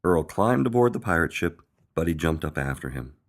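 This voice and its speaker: A man reading a children's picture book aloud in an expressive storytelling manner. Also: sits low, normal speed. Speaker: storybook reader.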